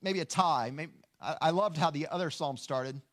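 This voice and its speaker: A man preaching a sermon, earnest and emphatic, slowing down to stress key lines. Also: on the high side, fairly bright tone. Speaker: pastor.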